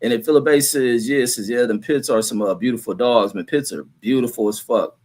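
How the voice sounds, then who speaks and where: Middle-aged bay dude on a livestream, cussing nonstop, rambling through chat comments, mid-pitched voice. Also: male voice, a little fast, a little mellow. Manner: profane, rambling, blunt. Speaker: livestream host. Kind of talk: casual livestream chat reading viewer comments.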